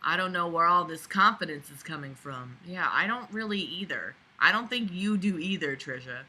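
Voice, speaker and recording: A woman reading a book aloud and mocking it, swearing and breaking into loud sarcastic rants. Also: lowish voice, animated, normal speed, hardly any pauses, breathy edge. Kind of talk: sarcastic hate-read commentary.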